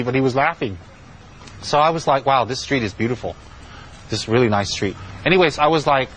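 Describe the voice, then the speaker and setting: A monk telling a story in a loose, chatty way. He keeps circling back with fillers and repeats himself, in a middle-pitched man's voice. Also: a bit bright, slight background noise, low-quality recording. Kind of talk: spoken storytelling talk.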